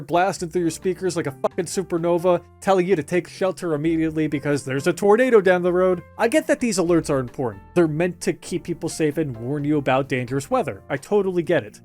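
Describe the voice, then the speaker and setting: A young man in his twenties hosts a casual, scripted commentary video. His voice sits a little on the high side, and he talks in an animated, jokey way with casual swearing. Faint music plays underneath. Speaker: YouTube commentary host.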